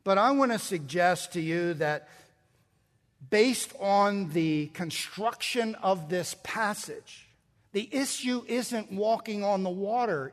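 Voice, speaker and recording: A man's voice: high voice, in a large hall. A man preaching a sermon, reading scripture and explaining its grammar, building to emphatic peaks. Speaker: pastor.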